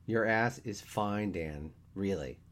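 A man voicing a wry, deadpan man in his thirties who teases his friend in a storybook reading. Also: lowish voice, takes it slowly. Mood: deadpan, exasperated. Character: dry, teasing man past thirty, a friend.

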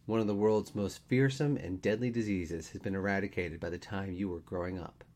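A calm older boss speaks in a low, wry, unhurried way, as a male reader plays him. Told in a storybook reading. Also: close to an everyday voice.

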